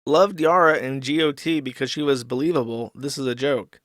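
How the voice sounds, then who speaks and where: A man's voice: medium pitch, steady tone, normal speed, a bit bright, no room sound, studio quality. Brash man mocking chat comments. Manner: crude, mocking, reads comments aloud and reacts. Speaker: streamer host reading chat comments. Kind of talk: livestream commentary.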